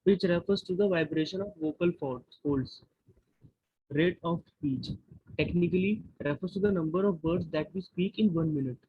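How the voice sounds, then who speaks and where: Husky man reading class notes. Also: high voice, moderate pace. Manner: careful reading with restarts on words. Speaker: student. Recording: dull lo-fi recording.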